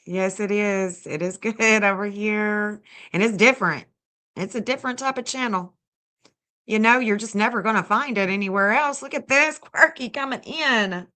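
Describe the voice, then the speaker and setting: A woman's voice: mid-range voice, moderate pace, pushed and bright. A woman hosting a casual livestream, gushing over viewers and thanking them by name. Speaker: livestream host and astrologer.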